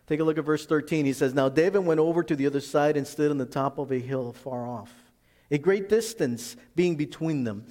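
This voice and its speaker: A man's voice: fairly high pitch, a little fast, a little mellow, big-room sound. A man preaching a sermon as pastor, reading scripture aloud and explaining it in plain, earnest words.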